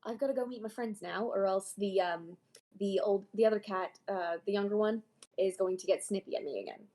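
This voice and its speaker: A woman voicing a kindly cat-folk adventurer who talks in a gentle, teasing big-sister way. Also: medium pitch, brisk, close to an everyday voice.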